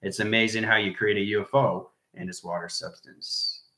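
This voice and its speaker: A man's voice: on the low side, fairly even intonation, normal speed, pushed and bright, echoey room. A man giving a rambling, enthusiastic livestream talk to his viewers, repeating himself and dropping into whispers now and then. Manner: enthusiastic, repetitive, drifts into whispers. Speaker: online spiritual teacher.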